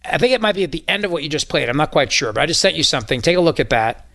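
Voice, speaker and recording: Sarcastic joking radio host, higher voice. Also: male voice, lively intonation, very fast, creaky, bright, forceful tone, no echo. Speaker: radio talk show host. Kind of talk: casual studio banter. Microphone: studio microphone.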